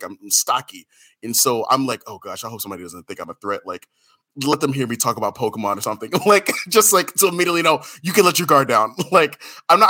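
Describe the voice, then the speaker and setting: A man chatting as a podcast panelist, animated and self-deprecating, breaking into laughs as he talks. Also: mid-range voice. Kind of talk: casual chat.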